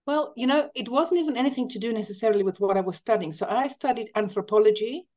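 A middle-aged woman, a cookbook author, is a guest in a casual interview, telling stories with enthusiasm and emphasis. Her voice is a little high and fast, with a darkish tone.

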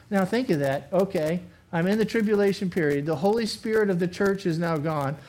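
A pastor preaches a sermon in an animated, conversational way. The man slips into short acted-out voices of imagined speakers, and the recording has some faults. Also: high-pitched, fairly quick, few pauses.

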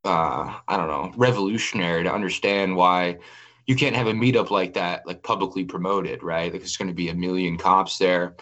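Low-voiced male guest, plain-spoken. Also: steady tone, normal speed, fairly bright tone. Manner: plain-spoken, heavy with fillers. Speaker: interview guest. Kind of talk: casual conversation.

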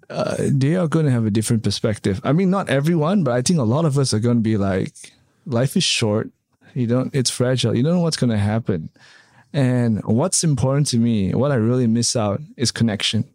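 A man's voice: medium pitch, mellow, dry recording, clean studio sound. A man being interviewed in a casual chat, rambling with many fillers and tag questions. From Canada. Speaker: interview guest, hotel developer.

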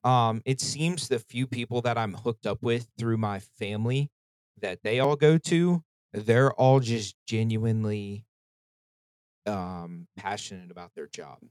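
A man's voice: fairly low pitch, unhurried, a little mellow, clear, resonant tone, no echo. A man hosting a podcast, telling rambling stories in casual chat and swearing freely. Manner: profane, rambling storytelling. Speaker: podcast host.

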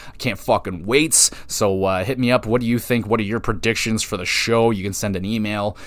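Casual, excitable man hosting a podcast. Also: fairly low pitch, a little fast, no room sound. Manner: casual, profane and excitable, thinking aloud. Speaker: podcast host. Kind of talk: solo wrestling podcast predictions.

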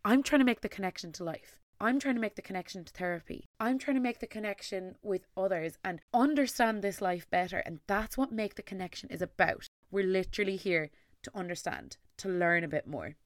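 An Irish woman hosting her own podcast, talking alone in an excitable, gushing way and rushing her words out in bursts. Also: medium pitch, no room sound, clean studio sound. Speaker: podcast host. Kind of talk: solo podcast intro monologue.

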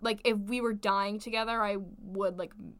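A woman's voice: medium pitch, steady tone, moderate pace. A young woman co-hosting a podcast, chatting casually in a playful, joking way. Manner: playful, joking, laughs a lot. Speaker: podcast co-host. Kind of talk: casual chat.

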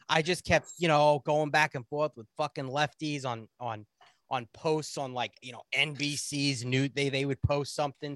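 A man's voice: a little high, a bit bright, no echo. A man with a New York accent, a podcast guest telling blunt, profanity-laced stories in casual chat.

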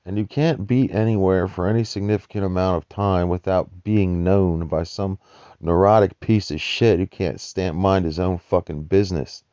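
A man's voice: low-pitched, steady tone, moderate pace, warm tone, smooth, dry recording, muffled recording. A man ranting in a rambling, profane monologue about life as a nomadic homeless person. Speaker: vlogger describing homeless life.

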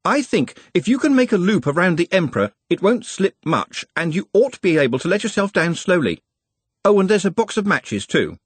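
A man's voice: sits high, sing-song, brisk, slightly rough, no echo, pitched above the performer's own voice, heavily acted. A man voicing a young, eager, politely deferential servant boy in an audiobook. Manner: earnest, cheerfully deferential. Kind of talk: audiobook character voice.

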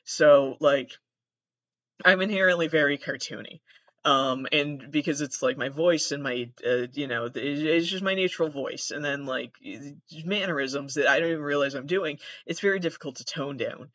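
A man hosting a podcast in a rambling, profane, self-deprecating monologue, with a gravelly, monotone voice. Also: fairly high pitch, moderate pace, no room sound. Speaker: podcast host. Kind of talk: casual monologue. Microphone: laptop recording. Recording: dull, dry lo-fi sound.

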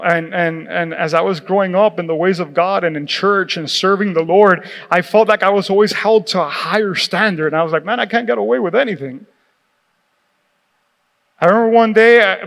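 Animated high-voiced male pastor preaching. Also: a little fast, hardly any pauses. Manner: animated, laughing, acts out quoted voices. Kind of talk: sermon. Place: church sanctuary. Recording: reverberant church hall with music.

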